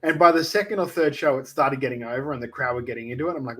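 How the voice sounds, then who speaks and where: An Australian man chatting casually about wrestling. He rambles and hedges with lots of fillers, and drops in profanity. His voice sits in a plain mid-male pitch. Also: very fast, a bit bright, breathy edge. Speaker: wrestling manager and promoter. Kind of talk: casual chat.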